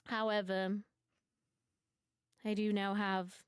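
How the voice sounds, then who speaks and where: A young woman from Britain telling absurd mock confessions to her stream audience in a deadpan, mock-serious way. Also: medium pitch, slow, pauses often, smooth, no echo. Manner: mock-serious storytelling, dry absurd humor. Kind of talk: deadpan comedic monologue.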